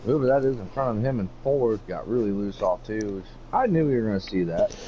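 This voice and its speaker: A man's voice: fairly low pitch, animated, brisk, muffled recording, a loud crowd. A man co-commentating an online race in a loose, rambling way with crude jokes. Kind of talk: casual sim-racing commentary.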